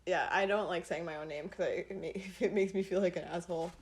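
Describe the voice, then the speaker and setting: A woman's voice: lowish voice, fairly even intonation, quick pace, slight background noise. A young woman co-hosting a casual podcast, giggly and self-deprecating. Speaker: podcast co-host. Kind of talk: casual banter.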